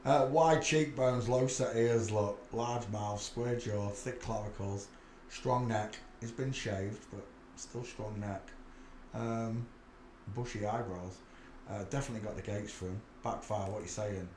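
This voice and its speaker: A man's voice: on the low side, steady tone, measured pace, echoey room, background noise. A man with a Yorkshire accent giving a muttered running commentary as he browses images for his channel. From England. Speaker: channel host.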